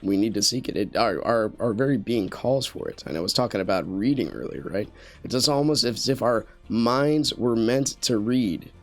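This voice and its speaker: A gameplay commentator talks casually over his game into a USB studio mic, earnest and rambling, restarting often and full of fillers. His mid-range voice has a lively lilt at a normal speed, with faint music in the background.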